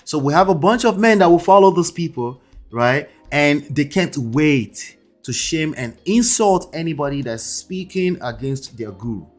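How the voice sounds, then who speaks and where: A man's voice: a little high, lively intonation, moderate pace, faint music behind. Emphatic male coach reacting to a clip. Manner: emphatic, keeps checking in with "okay?" and "right?". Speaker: relationship coach and host. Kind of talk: reaction commentary on a debate clip.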